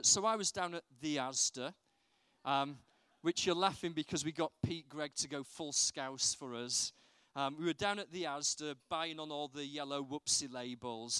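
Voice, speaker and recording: Bright-voiced preacher. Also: male voice, fairly high pitch, clean tone, dry recording, clean studio sound. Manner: animated storytelling with rhetorical questions. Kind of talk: sermon.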